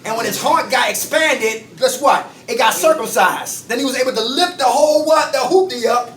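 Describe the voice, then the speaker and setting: A very high-pitched man leads a recovery group, preaching in call-and-response and firing questions at the room. He sounds far from the mic in an echoey space. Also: moderate pace, fairly bright tone, slight background noise. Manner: preachy, quizzes the group with "what?".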